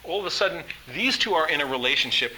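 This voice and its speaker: A man's voice: a little high, animated, quick pace, sharp tone, slight background noise, rough recording. A man teaching an art workshop, talking in an enthusiastic, conversational way with frequent fillers. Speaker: art instructor. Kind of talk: workshop lecture.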